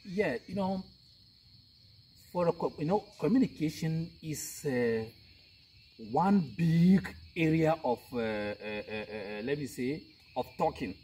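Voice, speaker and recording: A man's voice: fairly high pitch, expressive, slow pace, warm tone, husky, distant mic. A man giving informal advice on communication, emphatic and full of "you know", acting out friendly greetings. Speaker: guest speaker on communication.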